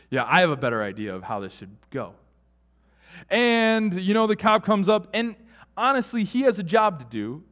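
A male pastor delivers a sermon in a conversational way, with fillers and asides. His voice sits a little high and rises loud on key points, then sinks to hushed, almost whispered lines. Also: very animated, fairly quick, big-room sound. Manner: dynamic, swings from loud emphasis to hushed near-whisper.

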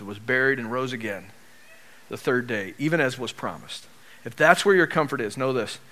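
In a church, a pastor with a mid-range voice preaches, swinging between loud emphasis and soft near-whispers while tossing joking asides to the congregation.

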